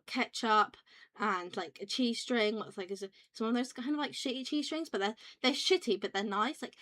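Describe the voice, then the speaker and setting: A woman's voice: a little high, a bit bright. Young British woman streamer, loose and rambling, curses freely, trips over her words. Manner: rambling, swears freely, frequent restarts and fillers. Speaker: VTuber streamer. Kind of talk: casual chat stream.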